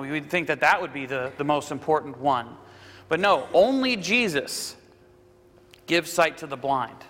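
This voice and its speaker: A man's voice: fairly high pitch, sharp tone, in a large hall. A man giving a casual, conversational sermon, often checking in with "right?" and acting out the people he quotes. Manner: conversational, frequent "right?" asides, acts out quotes. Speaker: preacher.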